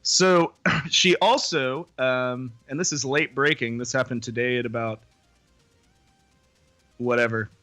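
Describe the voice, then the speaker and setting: A man's voice: medium pitch, steady tone, measured pace, long pauses, sharp tone, soft background music. A man co-hosting a podcast, rambling through the news with self-deprecating jokes and frequent laughs. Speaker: podcast co-host. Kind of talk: casual chat.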